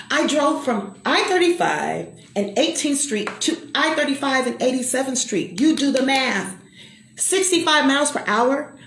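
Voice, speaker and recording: A woman's voice: sits high, a bit bright, reverberant, a little hiss or hum. A middle-aged woman giving an emphatic, preacher-like personal testimony and calling out to the listener. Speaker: motivational speaker.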